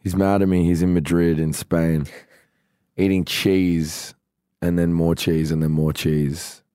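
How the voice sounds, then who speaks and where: A man's voice: sits low, flat delivery, measured pace, mellow, clean tone, no echo, studio quality. A man co-hosting a podcast, chatting casually with joking, self-mocking banter. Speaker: podcast co-host. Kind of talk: casual chat.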